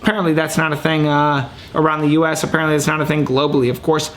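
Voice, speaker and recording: Excitable rambling man hosting a podcast. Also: on the high side, fast, a little hiss or hum. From Ohio. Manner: rambling, excitable, self-mocking. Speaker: podcast host. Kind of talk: casual sports podcast rant. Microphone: camera and computer mic.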